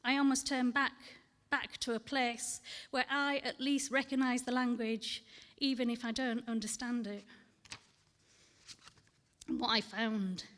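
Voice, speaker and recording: A woman reading her poems aloud and talking candidly between them at a festival event, earnest and measured. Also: fairly high pitch, level tone, a bit bright. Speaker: poet. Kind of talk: poetry reading with personal talk. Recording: long hall reverb.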